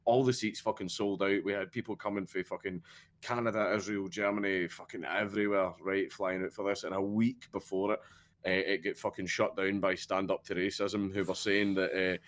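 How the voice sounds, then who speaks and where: A man's voice: deep voice, little pitch movement, normal speed, a bit bright. A man with a Scottish accent telling stories in a casual podcast chat, swearing a lot and laughing often. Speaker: podcast guest.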